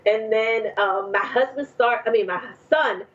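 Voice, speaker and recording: A woman's voice: on the high side, a little slow, fairly bright tone, muffled recording. A woman from New Jersey telling her story as a podcast guest in casual chat, laughing often and using many fillers.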